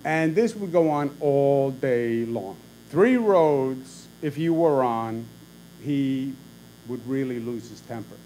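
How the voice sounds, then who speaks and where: A man's voice: mid-range voice, expressive, slow, warm tone, slight background noise, low-quality recording. A man, a governor telling wry anecdotes in a conversational public speech. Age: 60s.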